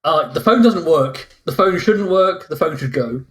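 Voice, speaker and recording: A man's voice: on the high side, animated, normal speed, fairly bright tone. A man co-hosting a casual review podcast, exasperated and dramatic as he rants. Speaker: podcast co-host.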